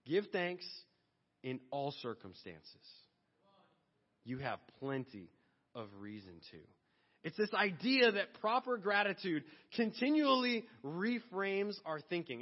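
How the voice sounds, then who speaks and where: A man preaching a sermon in a loose, conversational way, acting out little asides and voices as he goes. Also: high voice. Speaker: pastor. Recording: dull long-reverb hall sound.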